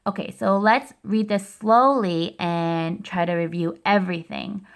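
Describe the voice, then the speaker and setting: A woman's voice: mid-range voice, measured pace. A woman teaching a recorded phonics lesson to first graders, explaining spelling rules step by step in a patient way.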